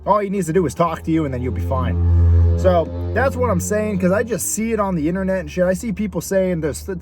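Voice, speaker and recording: A man's voice: high-pitched, animated, fast talker, a little mellow, soft background music. A young man delivering a blunt, profane comedic rant straight to camera, firing off mocking rhetorical questions. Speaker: vlogger.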